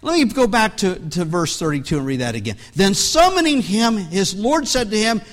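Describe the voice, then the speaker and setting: A man's voice: sits high, very animated, normal speed, hardly any pauses, fairly bright tone. A man preaching a sermon as pastor, reading scripture aloud and breaking into conversational asides, with many restarts.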